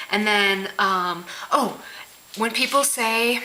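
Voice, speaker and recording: A young woman rants to camera in a casual vlog, blunt and sarcastic, swearing freely. Her voice is bright and forceful, and she mocks others by slipping into meek, whiny put-on voices. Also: on the high side, slow, a little hiss or hum, poor audio. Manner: blunt, profane, sarcastic ranting. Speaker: vlogger.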